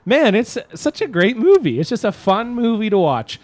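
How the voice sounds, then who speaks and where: A man's voice: sits high, sing-song, moderate pace, darkish tone, no room sound. A Canadian man co-hosting a podcast in casual, laughing chat. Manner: chatty, laughs often. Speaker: podcast co-host.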